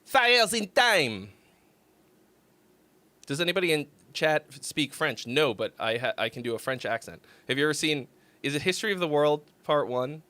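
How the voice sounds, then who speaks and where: A man's voice: on the high side, fairly quick, fairly bright tone, dry recording. A man hosting a casual music critique livestream, rambling and laughing as he thinks aloud. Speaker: host.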